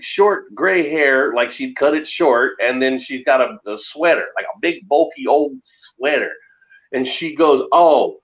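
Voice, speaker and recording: Animated man telling a ghost story. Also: high-pitched, lo-fi sound. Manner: animated storyteller, laughs often. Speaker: guest. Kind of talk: casual storytelling.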